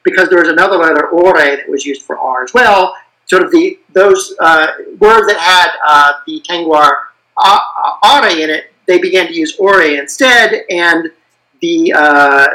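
A man with a bright, forceful voice pitched a little high walks through his explanation step by step. He is patient and thorough, and he often pauses on "uh" while he thinks. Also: rough recording. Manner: patient, detailed explanations with frequent fillers. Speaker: guest expert on invented languages. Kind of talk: explanatory podcast chat.

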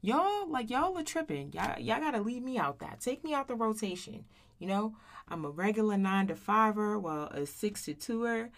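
A woman's voice: medium pitch, big pitch swings, moderate pace. Woman in her thirties, podcast host, casual solo monologue, blunt, slangy, swears freely. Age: 30s. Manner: blunt, profane and slangy, tags lines with "right?".

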